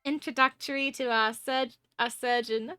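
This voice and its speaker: A woman's voice: sits high, steady tone, normal speed, sharp tone, faint music behind. A young woman streaming a let's play, chatting in a bubbly, gushing, giggly way into a desk mic at home.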